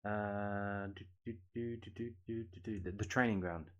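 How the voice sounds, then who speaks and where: A man with a somewhat low voice hosts his own football news channel, talking in a loose, ranting way. He is blunt and swears freely, stumbling through fillers and restarts as he works through his points. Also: steady tone, moderate pace, dull audio. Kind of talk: casual ranting commentary.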